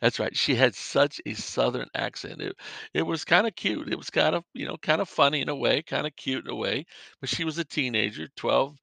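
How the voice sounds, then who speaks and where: A man's voice: mid-range voice, brisk, gravelly, sharp tone, no room sound. A man preaching a podcast sermon in an earnest, repeating cadence with stammered restarts. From northern United States.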